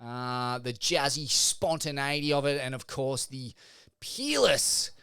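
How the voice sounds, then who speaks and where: A man's voice: medium pitch, animated, slow, sharp tone, smooth, no room sound, studio quality. A man with an Australian accent co-hosting a podcast, rambling in crude, laid-back chat. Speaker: podcast co-host.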